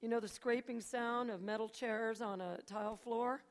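An older woman telling her personal testimony to a church audience, swinging between hushed asides and loud, animated storytelling. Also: a little high, normal speed. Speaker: church speaker.

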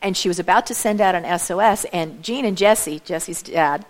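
A woman giving a lively talk to a church audience, chatty, with many asides, asking her listeners direct questions. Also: on the low side, moderate pace. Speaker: speaker at a church event.

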